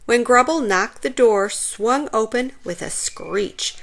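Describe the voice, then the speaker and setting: A woman reading a children's storybook aloud in an expressive, animated way. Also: fairly high pitch, takes it slowly.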